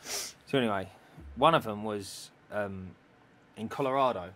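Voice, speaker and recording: A man's voice: fairly low pitch, unhurried, a bit bright, a little hiss or hum. A young man co-hosting a podcast, telling funny stories in slangy casual chat and laughing often. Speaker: podcast co-host.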